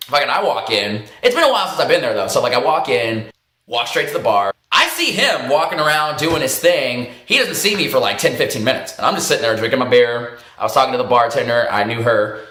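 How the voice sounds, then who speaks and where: Man, lively pitch, bright voice, casual storytelling vlog, echoey room. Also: a little fast. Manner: animated, profane, laughs often, acts out quoted dialogue. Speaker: vlog host.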